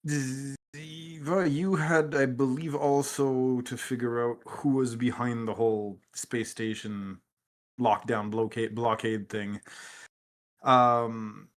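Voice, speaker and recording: Man, game master, mid-pitched voice, casual joking, sarcastic asides, laughs often, stream mic. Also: steady tone, slow. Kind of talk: casual chat recapping a tabletop game. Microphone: computer mic on a video stream.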